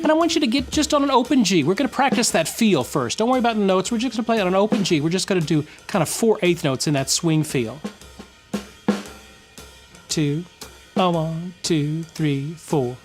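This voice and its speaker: A man's voice: sits high, very animated, quick pace, few pauses. A man giving an instructional guitar lesson, explaining patiently and counting and scatting rhythms aloud. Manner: friendly, explanatory, with restarts. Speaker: guitar teacher.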